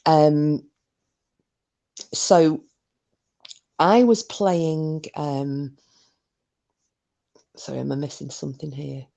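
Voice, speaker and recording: A woman's voice: low voice, steady tone, drawn-out words, gravelly, long pauses, dark tone. A woman hosting a live stream, rambling in casual chat with plenty of fillers and breaking off to greet viewers by name. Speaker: livestream host.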